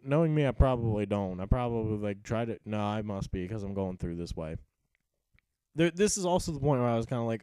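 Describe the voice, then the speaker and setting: A man's voice: fairly low pitch, animated, fairly quick, warm tone, clear, resonant tone, dry recording. A young man giving casual, rambling commentary over recorded gameplay, swearing often and poking fun at himself. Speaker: gaming commentator.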